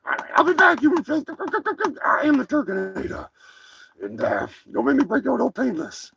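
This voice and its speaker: Brief: a man putting on a high, gravelly, foul-mouthed angry turkey, shouty and testy. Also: sing-song, fairly quick, slight background noise, exaggerated voice. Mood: impatient. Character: foul-mouthed angry male turkey, calls humans filth.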